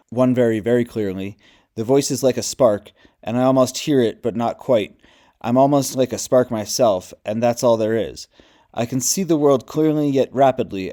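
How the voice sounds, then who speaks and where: A man reading the quoted account of a male hypnosis patient, calm and measured, recalling his own death. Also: mid-range voice, close to an everyday voice. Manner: calm, measured first-person recounting.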